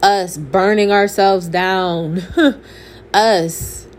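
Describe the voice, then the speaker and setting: A woman's voice: medium pitch, steady tone, extremely slow. A young adult woman gives a candid, preachy faith testimony, speaking straight to her viewers in a casual way. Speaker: faith vlogger. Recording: faint background noise.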